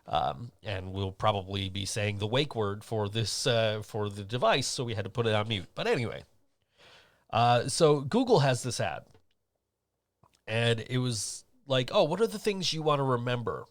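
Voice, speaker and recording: A man's voice: lowish voice, lively intonation, unhurried. A man hosting a podcast, telling stories in a rambling, casual way with lots of fillers. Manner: rambling, chatty storytelling with many fillers. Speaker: podcast host. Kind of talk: casual chat.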